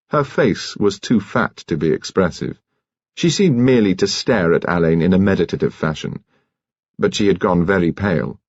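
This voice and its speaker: A man narrating an audiobook in a measured, even storytelling manner. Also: low-pitched, slightly rough, no echo, highs cut off.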